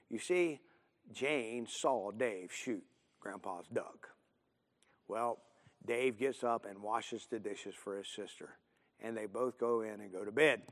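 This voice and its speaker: Folksy male storyteller in a reverberant room. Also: mid-range voice. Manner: unhurried, homespun, with fillers and restarts.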